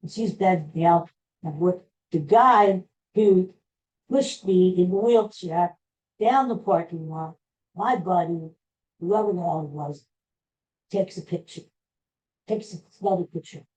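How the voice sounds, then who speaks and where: Slow, mellow man telling a story. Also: sits high, rough recording. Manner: rambling, halting retelling with restarts. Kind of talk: personal storytelling.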